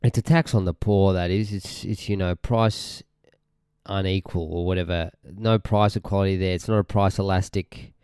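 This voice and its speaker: A man's voice: low-pitched, steady tone, normal speed, a little mellow, clean tone, no echo, studio quality. A young Australian man hosting a podcast, ranting casually in a rambling, irritated, sweary way and often trailing off mid-sentence. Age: young adult. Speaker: podcast host.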